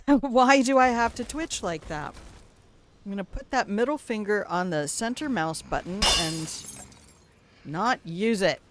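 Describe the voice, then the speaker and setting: A woman's voice: medium pitch, lively intonation, measured pace, noisy background. An older woman streaming a video game live, chatting casually, swearing now and then and reading in-game notes aloud. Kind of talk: casual live gameplay commentary.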